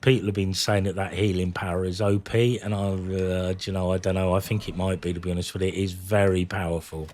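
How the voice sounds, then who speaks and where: Casual streamer in his forties, slightly low voice, rambling, candid chat. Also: little pitch movement, quick pace, few pauses, darkish tone. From England. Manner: rambling, candid, swears freely. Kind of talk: casual chat while gaming.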